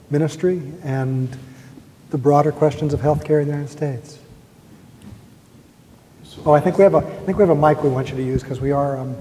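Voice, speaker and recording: A man moderating a panel, giving mild, brief prompts and acknowledgements. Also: warm tone. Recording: hall reverb with a low rumble.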